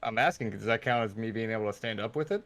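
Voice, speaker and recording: A man's voice: lowish voice, fast, fairly bright tone. A man playing in a tabletop game, asking questions about the rules as he describes his character's moves. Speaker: player. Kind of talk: casual tabletop play.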